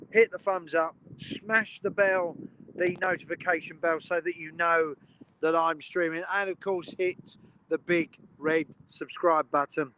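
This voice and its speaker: A man's voice: on the high side, sharp tone, slight background noise, rough recording. A man streaming live from beside a railway line outdoors, chatting enthusiastically with his viewers. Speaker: train spotting live streamer. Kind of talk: casual live-stream commentary.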